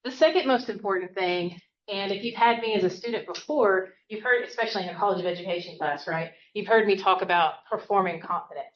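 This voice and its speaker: A woman with a medium-pitched, fairly bright voice speaks in a roomy space, and the highs are cut off. She's a Southern college professor giving a chatty, interactive workshop talk in a classroom. She talks fast and keeps tossing in "right?"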